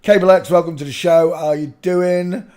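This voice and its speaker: A man hosts a livestream from a room at home in a loose, rambling way. He breaks into sudden loud outbursts between stretches of plain talk. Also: sits high, steady tone, normal speed. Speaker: livestream host.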